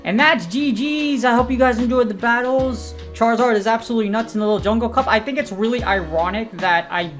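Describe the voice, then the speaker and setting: A woman giving casual, excitable game commentary as a streamer, rambling off on tangents and full of slang. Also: a little high, a little fast, hardly any pauses, faint music behind. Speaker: gaming streamer.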